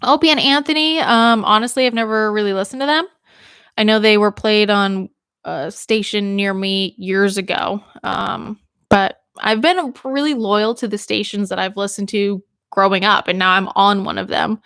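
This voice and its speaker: A young woman from Maine who works as a radio DJ, chatting on a livestream in a loose, rambling way. She's a little tipsy from drinking and laughs easily. Her voice sits at an ordinary pitch and sounds dry and close, with no room around it. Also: normal speed, fairly bright tone, clear, resonant tone, dry recording. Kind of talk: casual livestream chat.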